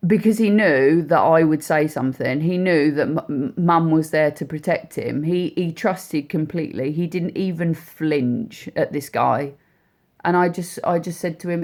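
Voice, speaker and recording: A woman speaking as a mother, telling a personal story in a heartfelt, halting way with many repeats and restarts. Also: low-pitched, animated, darkish tone. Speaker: mother speaking about her son.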